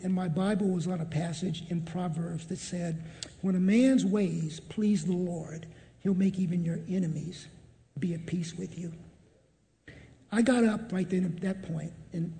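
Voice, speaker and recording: Gravelly high-pitched guy telling his testimony, keeps saying "i said", long echo. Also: warm tone. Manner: storytelling, repeats "I said". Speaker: testimony speaker. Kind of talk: personal testimony.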